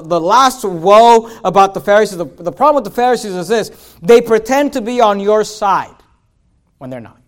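A man with a strikingly high voice preaches with rising fervor, his lines building loud and emphatic before he drops to quiet asides. He reads scripture slowly and deliberately, drawing out the old phrasing. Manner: reads scripture in slow, drawn-out King James phrasing. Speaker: pastor. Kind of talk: sermon.

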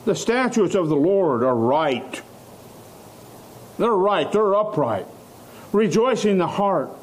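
A man preaching a sermon, slow and emphatic, stressing key words and letting out short laughs. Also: high voice, big pitch swings.

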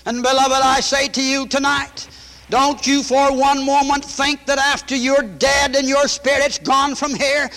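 A man preaching a fiery sermon, swinging from loud emphatic rises down to low, hushed lines, repeating his points for emphasis. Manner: preaching with sweeping rises to shouts and drops to low tones; repetitive, emphatic. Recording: long hall reverb.

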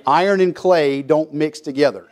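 A man's voice: a little high, moderate pace, a little mellow. A man preaching a folksy sermon, acting out quotes and often restarting his sentences. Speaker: pastor.

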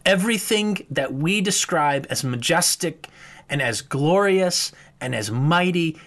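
Male preacher, slightly higher voice, measured teaching delivery for a devotional. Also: lively intonation, fairly bright tone. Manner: measured teaching, slows down to read scripture aloud. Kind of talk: morning devotional sermon.

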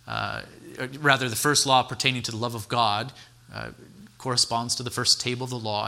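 A man preaching a teaching sermon, earnest and deliberate, asking questions of his listeners and slowing down to stress key words. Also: medium pitch, creaky, bright, forceful tone. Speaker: pastor.

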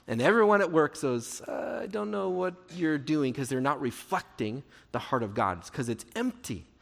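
A man's voice: on the high side, a bit bright, long reverb tail. A man preaching a sermon as pastor, explaining scripture and acting out the prayers he quotes.

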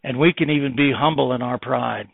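A man preaching a sermon with impassioned delivery that swings between loud emphasis and hushed tones. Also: mid-range voice, brisk, creaky, husky, dry recording. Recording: tinny phone-like, dry.

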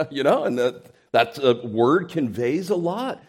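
Male pastor for a sermon. Animated, pitch swings widely, conversational with restarts and loud emphatic bursts. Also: slow, husky. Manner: animated preaching with sudden loud emphatic peaks and soft asides; conversational, repeats words and restarts.

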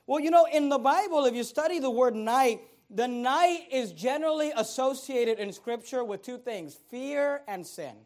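A pastor preaching a sermon in a conversational style, with rhetorical questions and loud, rising emphasis. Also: male voice, very high voice, lively intonation, moderate pace, few pauses.

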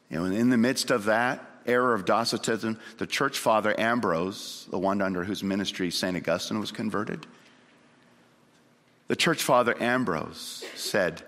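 A man preaching a sermon with great passion, swinging from loud, high pleading lines to low, hushed ones. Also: moderate pace. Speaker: pastor. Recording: reverberant hall.

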